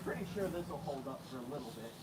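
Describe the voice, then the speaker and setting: A man's voice: mid-range voice, fast talker. A man hosting a casual vlog outdoors, coaxing and calling to alligators as he feeds them, in a windy spot. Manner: animated, calls animals in a coaxing voice. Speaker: alligator keeper and channel host. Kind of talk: casual vlog talk while feeding animals. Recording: noisy outdoor recording.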